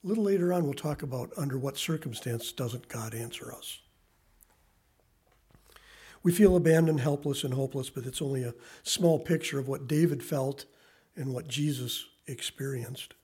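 A man in his thirties preaching a sermon, swinging from loud emphasis to quiet, hushed asides. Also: medium pitch, moderate pace, breathy edge. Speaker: pastor.

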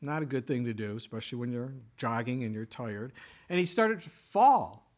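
A man's voice: mid-range voice, expressive, normal speed. A male pastor giving a sermon in an earnest, emphatic way, with rhetorical questions.

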